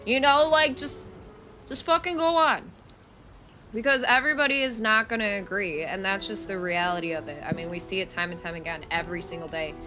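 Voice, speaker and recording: A woman's voice: medium pitch, steady tone, brisk, sharp tone, faint music behind. A woman streaming live, chatting casually and answering her chat with frank, profane talk.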